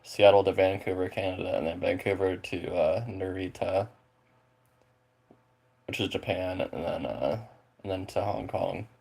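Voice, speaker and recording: A man's voice: low-pitched, a little slow, vocal fry, long pauses, darkish tone, husky. A man from the US Pacific Northwest chatting casually with viewers, rambling and swearing freely, his sentences full of fillers. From Spokane, Washington, USA. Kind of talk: casual chat.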